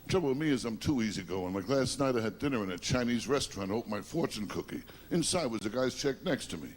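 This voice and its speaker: A man from Long Island doing a stand-up routine, complaining about himself in quick self-deprecating one-liners. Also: mid-range voice, expressive. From Long Island, New York. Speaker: stand-up comedian. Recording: noisy live recording.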